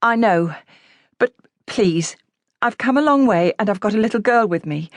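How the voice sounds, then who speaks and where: List: woman putting on a scared young mum, high and pleading, stammering, audiobook reading, dry close sound. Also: animated, dry recording. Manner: pleading, halting, near tears. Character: frightened, exhausted young mother pleading for shelter.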